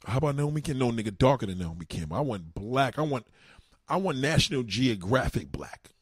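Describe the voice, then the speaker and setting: On his show, a middle-aged male host launches into a crude, profane monologue, animated and repeating the same lines again and again. His husky voice swings widely in pitch and moves a little fast. The recording is close and dry, with no room sound.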